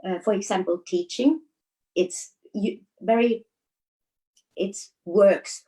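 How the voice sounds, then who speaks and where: A Finnish woman, a dance teacher, answering questions in a casual interview, often pausing and searching for words. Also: mid-range voice, warm tone. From Finland. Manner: hesitant, searching for words, laughs easily.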